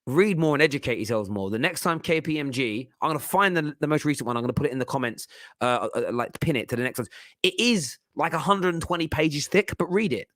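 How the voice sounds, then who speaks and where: A man's voice: on the high side, animated, fast, a bit bright, no room sound, studio quality. A man, hosting a casual football chat show, rambling and laughing often as he talks. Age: 30s. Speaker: host.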